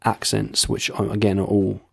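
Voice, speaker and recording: A man's voice: fairly low pitch, flat delivery, normal speed, vocal fry, fairly bright tone, breathy edge, dry recording, studio quality. A young man casually explaining accents in a breezy tone, with the odd swear word.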